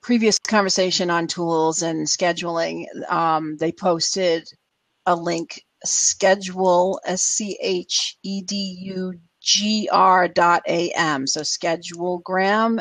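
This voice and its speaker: A woman with a mixed Massachusetts and New York accent hosting a casual online panel chat. She talks chattily, laughs easily and spells words out slowly. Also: on the low side, fairly even intonation, a bit bright, no echo, rough recording. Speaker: host.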